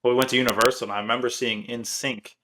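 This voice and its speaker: A man's voice: medium pitch, level tone, very fast, bright, forceful tone. A man hosting a podcast, chatting casually and telling rambling stories full of fillers. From Michigan. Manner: rambling storyteller, many fillers. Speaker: podcast host. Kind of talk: casual chat.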